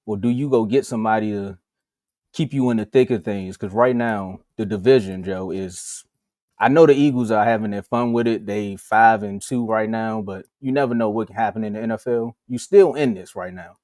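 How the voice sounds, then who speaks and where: Animated low-voiced sports show man. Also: normal speed, no echo, studio quality. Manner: animated, slangy, acts out quotes. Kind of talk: casual sports talk.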